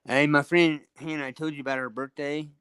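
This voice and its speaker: A man's voice: on the high side, fairly even intonation, a little fast, a bit bright, clean tone, no echo, poor audio. A tired man chatting casually on a live online panel, rambling, swearing freely and laughing often. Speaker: panel guest.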